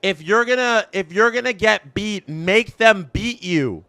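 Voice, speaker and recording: A man streaming a live fan reaction, calling the action in an announcer style and swinging between emotional shouts and stunned murmurs. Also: sits high, lively intonation, unhurried, dry recording. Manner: announcer-style play-by-play call.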